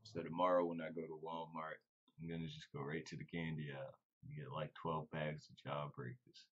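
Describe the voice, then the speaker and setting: A man's voice: very deep voice, flat delivery, brisk, lo-fi sound. A man chatting casually as a podcast host, loose, rambling and profane. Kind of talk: casual chat.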